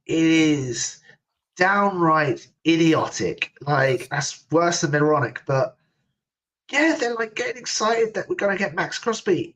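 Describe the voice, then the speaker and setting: A man's voice: on the high side, fairly bright tone, low-quality recording. A man hosting a casual sports podcast, ranting sarcastically and laughing. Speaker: podcast host.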